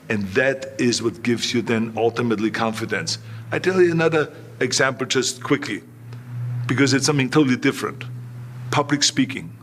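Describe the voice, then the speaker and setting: Man telling lively anecdotes in an interview. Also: mid-range voice, a little hiss or hum. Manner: animated anecdotes, acting out quoted lines. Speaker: interview guest. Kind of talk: storytelling in an interview.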